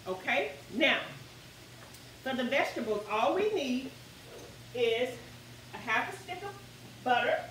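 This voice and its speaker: A woman's voice: sits high, lively intonation, a little slow, long pauses, fairly bright tone, roomy sound, distant mic, slight background noise, rough recording. A woman hosting a live cooking show from her kitchen, chatty and encouraging as she greets viewers by name. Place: home kitchen.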